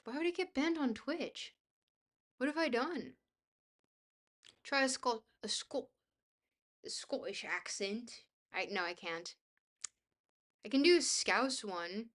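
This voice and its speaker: Young female streamer, bubbly and goofy, casually reading chat, with a crisp, bright tone. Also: a little high, slow pace, long pauses. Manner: bubbly, goofy, self-deprecating. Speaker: livestreamer.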